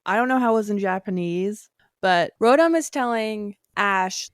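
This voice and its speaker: A woman's voice: mid-range voice, normal speed, no room sound, clean studio sound. A woman co-hosting a podcast in casual chat, laid-back and easily amused. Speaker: podcast co-host.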